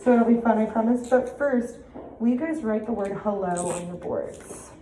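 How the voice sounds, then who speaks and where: A woman's voice: on the high side, normal speed. A young woman teaching a reading lesson, upbeat and encouraging with her students. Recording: echoey room with clear background noise.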